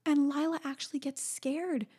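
Animated woman telling a story, high voice. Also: moderate pace. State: pregnant. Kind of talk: casual storytelling chat.

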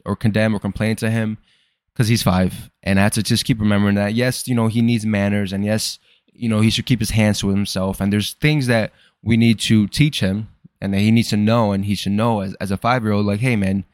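Man, young adult, low voice, dry close sound, casual rambling podcast monologue, profane, self-deprecating. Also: level tone, fairly quick, no room sound. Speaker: podcast host.

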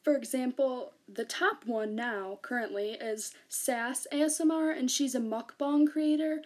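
A young woman with a fairly high voice presents casually, sliding between points with filler words. Her delivery sounds relaxed and conversational, like a student talk. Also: measured pace. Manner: chatty, laughs often, fillers.

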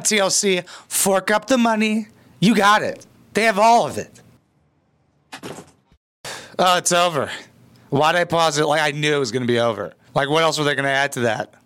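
A man's voice: a little high, expressive, normal speed, fairly bright tone, clean tone. A man hosting a reaction video, mocking and sarcastic, with crude comedic commentary.

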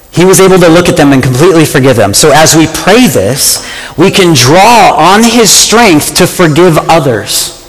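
A man preaching a sermon, passionate and animated, often asking his listeners questions. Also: fairly high pitch, long reverb tail, low-quality recording.

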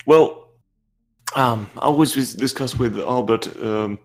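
A man co-hosting a podcast, speaking in a slow, hesitant, thoughtful way. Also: medium pitch. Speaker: podcast co-host. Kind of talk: casual chat.

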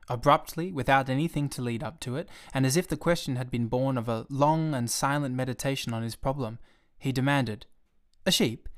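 A man reading a storybook aloud in a gentle, expressive and unhurried way. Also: medium pitch. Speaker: storybook reader.

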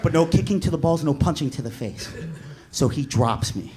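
A man doing stand-up comedy and telling a story, swinging from low asides to loud bursts. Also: animated, moderate pace, very noisy.

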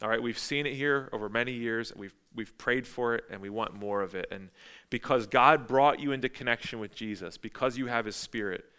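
Male pastor, middle-aged, bright crisp voice, chatty emphatic sermon delivery. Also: mid-range voice, brisk. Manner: conversational, emphatic, repeats phrases.

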